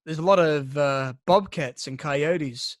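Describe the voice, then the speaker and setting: Speaking slowly in a voice on the high side, a podcast co-host rambles through casual stories, swearing heavily and frequently starting over. The recording is clean studio sound with no room sound.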